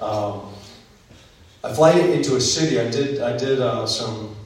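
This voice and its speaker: A man's voice: medium pitch, measured pace. Man preaching in a big echoey hall. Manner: earnest, builds up in places, frequent ums and restarts. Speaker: pastor. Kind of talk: sermon. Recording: echoey hall from far off, faint noise.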